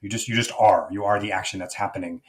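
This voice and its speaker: A man's voice: on the low side, fairly even intonation, quick pace. A middle-aged man speaking as a life coach guest in an interview, thoughtful and searching, often restarting his sentences. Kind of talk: reflective conversational interview.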